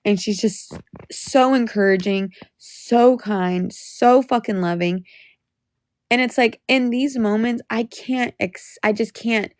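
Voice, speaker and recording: A woman's voice: a little high, slow, a little mellow. Upset young woman venting on a live stream. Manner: profane, repetitive, restarts sentences. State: voice cracking, near tears. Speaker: livestreamer.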